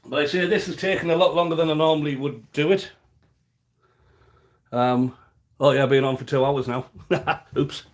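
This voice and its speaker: A man's voice: fairly high pitch, fairly even intonation, normal speed, pauses often. A man chatting casually in his home kitchen during a live cooking stream, rambling and often repeating words as he goes.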